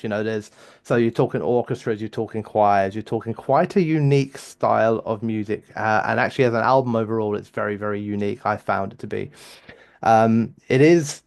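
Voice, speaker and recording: A man's voice: on the low side, moderate pace, gravelly, a little mellow. A man co-hosting a music reaction show, explaining an album in casual, rambling talk, often restarting as he hunts for words. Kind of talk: casual chat.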